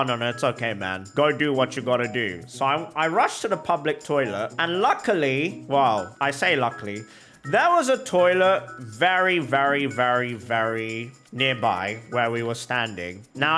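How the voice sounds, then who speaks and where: Bright-voiced young man telling a comic story. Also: medium pitch. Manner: animated, exaggerated comic storytelling. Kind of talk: casual storytelling while gaming.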